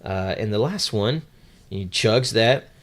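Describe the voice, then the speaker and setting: A man's voice: fairly low pitch, lively intonation, slow pace. A man co-hosting a podcast, retelling a manga chapter in loose, casual chat with plenty of ums and uhs. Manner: swears casually. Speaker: podcast co-host.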